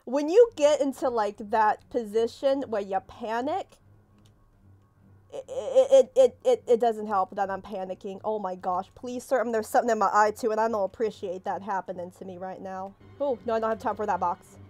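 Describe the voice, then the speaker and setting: A young woman playing a horror game, panicking, swearing and yelping as something chases her, then talking herself calm. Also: medium pitch, a little fast, few pauses. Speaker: gaming streamer. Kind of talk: let's play commentary. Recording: faint game music behind.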